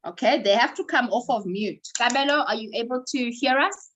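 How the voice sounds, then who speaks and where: A woman leading an online voice workshop over a video call, animated and coaxing. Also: on the high side, fairly quick, slight background noise, low-quality recording. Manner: animated, instructive, coaxing participants. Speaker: voice coach running a workshop.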